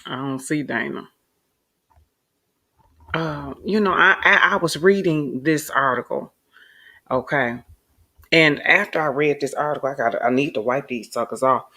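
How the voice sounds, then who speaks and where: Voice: medium pitch, a little slow, pauses often, pushed and bright. A host doing late-night live-stream commentary, chatty and emphatic, greeting viewers and swearing when heated. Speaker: online commentator and channel host.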